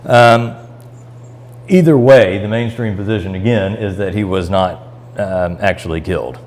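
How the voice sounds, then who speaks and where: In a rough recording, a fairly low, slightly mellow male voice moves along unhurriedly. The speaker, who has a Midwestern American accent, leads a Bible study lesson in a church classroom, reading passages and explaining them, stumbling into fillers and restarts along the way.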